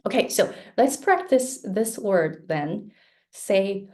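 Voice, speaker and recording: Slow, mellow-voiced Japanese pronunciation coach. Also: female voice, mid-range voice, animated. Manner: slow, patient, models words for learners to repeat. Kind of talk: live pronunciation lesson.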